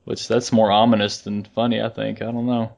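A man co-hosting a casual fan podcast, rambling in a relaxed way, with restarts and chuckles. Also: on the low side, brisk, creaky. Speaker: podcast co-host.

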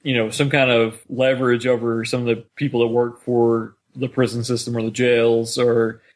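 A man co-hosting a fan podcast in a chatty, easygoing way. His voice is mid-pitched and ordinary. He talks through episode details in casual conversation. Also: little pitch movement. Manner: chatty, quick to laugh. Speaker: podcast co-host. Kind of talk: casual chat.

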